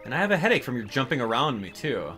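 A man voicing a big male whale with a bellyache, talking slowly and pleading for help. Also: medium pitch, very animated, bright, forceful tone, soft background music. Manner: slow, pleading and complaining.

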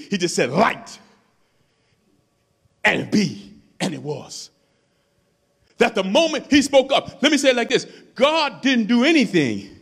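A man preaching a sermon as pastor, building with repetition and rising into shouts. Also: very high-pitched.

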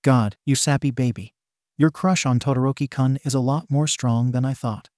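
A man's voice: mid-range voice, fairly even intonation, normal speed, darkish tone, no echo, clean studio sound, lightly acted. A man voicing a cheerful, teasing teenage girl in a storybook reading, with light and bubbly delivery.

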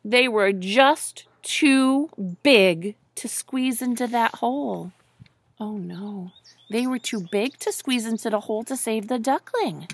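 A woman reading a picture book aloud to children in an animated way, stopping to ask them questions. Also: fairly high pitch, a little slow, hardly any pauses, no echo. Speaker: storyteller.

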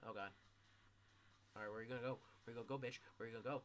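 A man commentating his own gameplay casually, swearing a lot and yelling in sudden bursts. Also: mid-range voice, fairly even intonation, very fast, pauses often, slight background noise. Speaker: gameplay streamer.

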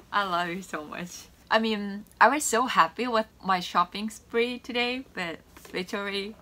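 A woman's voice: medium pitch, bright, forceful tone, slight background noise. A woman vlogger chatting casually to her viewers about her shopping haul, bubbly and gushing. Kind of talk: casual chat to camera.

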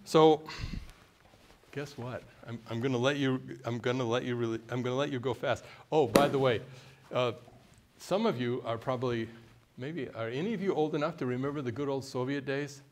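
A man's voice: mid-range voice, slight background noise. An older man from the United States, giving a conversational workshop talk and often quizzing the audience with questions. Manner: mimics a haughty deliberate voice at times. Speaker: workshop speaker.

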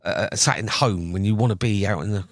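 A middle-aged carp angler, appearing as a podcast guest, casually tells fishing stories and acts out the other people in them with laughs. His voice is lowish and fairly quick, recorded dry at studio quality.

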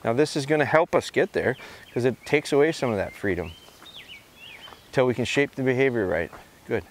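Guy training his dog out in a field, calm explaining, quick sit and good girl commands, mid-pitch voice, outdoor noise and animals around.

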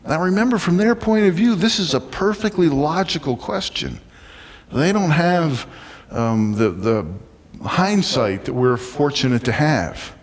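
A man preaching a sermon in a church, lively and dramatic, sometimes acting out the voices of a crowd. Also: a little high, unhurried, long reverb tail. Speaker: pastor. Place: church sanctuary.

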